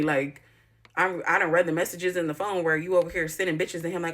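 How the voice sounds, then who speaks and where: Woman, candid storytime vlog, slightly low voice, blunt, swears a lot, rambling, indignant. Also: steady tone, moderate pace, fairly bright tone. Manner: blunt, profane, rambling storytelling with lots of "like" and "you know"; emphatic, indignant outbursts. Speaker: YouTuber.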